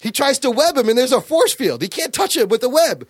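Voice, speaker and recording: A man hosts a casual podcast, animated and swearing freely as he recaps a story. His voice is high for a man and very lively in pitch. The sound is dry and close. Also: fairly quick, slightly rough, no echo. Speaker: podcast host.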